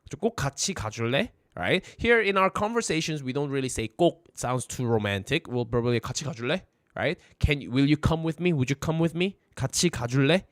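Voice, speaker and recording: Quick-talking language teacher. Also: male voice, medium pitch, expressive, dry recording, studio quality. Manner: frequent "right?" tag questions, repeats phrases for practice; switches between English and Korean, sings lyric lines. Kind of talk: live-streamed language lesson.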